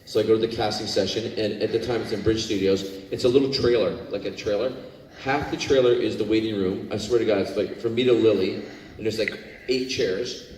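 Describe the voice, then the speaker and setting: A man's voice: on the low side, brisk. A man born in Scotland, a guest actor telling rambling stories to fans at a convention panel on a handheld mic. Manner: rambling, animated, with many fillers and restarts. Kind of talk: anecdotal storytelling to a fan audience. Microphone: handheld microphone. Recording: echoey hall, distant mic, faint room noise.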